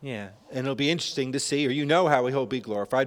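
A male preacher reading scripture and explaining it in a sermon, halting with frequent "uh", rising when he quotes and dropping low at the ends of phrases. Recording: long hall reverb.

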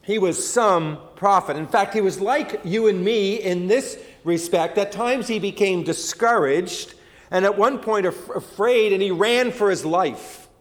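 A man's voice: high voice, measured pace, big-room sound. A man preaching a sermon in a folksy, conversational storytelling way, with many fillers and restarts. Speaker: pastor.

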